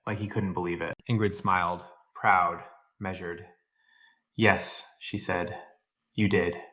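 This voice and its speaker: A man narrating a scripted drama story in an even, steady manner. His voice sits on the low side and keeps a plain reading pace throughout.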